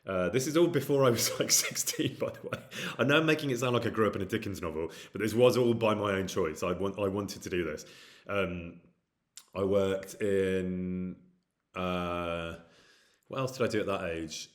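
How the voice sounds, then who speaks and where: A man's voice: low-pitched, moderate pace. A middle-aged man with a light Midlands accent, chatting casually and candidly as he answers viewer questions, with frequent ums and restarts. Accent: light Midlands English. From England. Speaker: actor streaming with chat.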